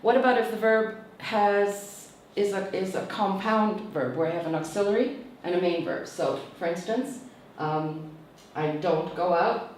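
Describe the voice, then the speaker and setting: A woman's voice: mid-range voice, measured pace, a little mellow, a little hiss or hum. A woman teacher trainer giving a tutorial lecture, explaining patiently and checking in with "okay?" after each point. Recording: echoey room, mic far off.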